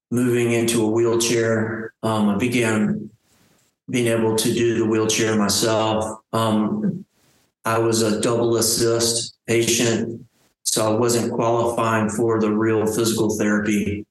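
A man telling his survival story as an interview guest, halting and restarting his phrases. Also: on the low side. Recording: very echoey room.

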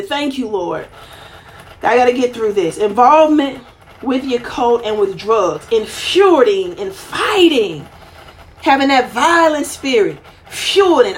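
A woman preaching a fervent sermon, repeating phrases and calling out hallelujah. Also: high voice. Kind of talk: sermon broadcast.

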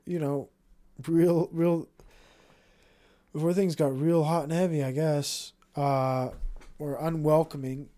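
A man rambles through a casual podcast monologue, blunt and profane, trailing off and restarting his thoughts. His voice sits a little higher than most men's. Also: dark tone. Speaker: podcast host.

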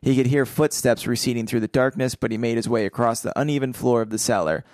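A man's voice: medium pitch, fast talker, a little mellow, dry recording, clean studio sound. A man co-hosting a casual podcast, reading a book aloud and breaking off to riff with jokes. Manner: reads passages then riffs with jokes and laughs. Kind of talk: casual comedic read-along chat.

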